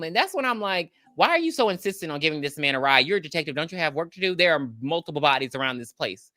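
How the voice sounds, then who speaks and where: A woman's voice: sits low, big pitch swings, fast, hardly any pauses, bright, forceful tone, dry recording, clean studio sound. A woman co-hosting a podcast, recapping a movie in casual, profane chat and acting out the characters' lines. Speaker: podcast co-host.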